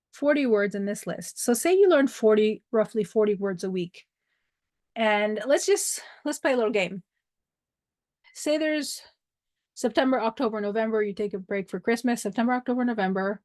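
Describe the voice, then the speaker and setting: A woman with a fairly high, dry voice teaches a Spanish lesson over a video call. She reads words and their English meanings and drifts into chatty asides. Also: a little mellow, dry recording. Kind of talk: online language lesson. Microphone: computer mic on a video call.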